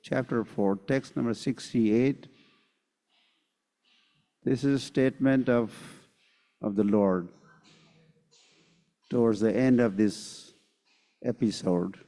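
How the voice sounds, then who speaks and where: A man's voice: mid-range voice, steady tone, mellow. A man giving a scripture lecture as a spiritual teacher, telling a story and acting out the quotes. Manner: slow, unhurried storyteller who acts out quotes. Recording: long hall reverb.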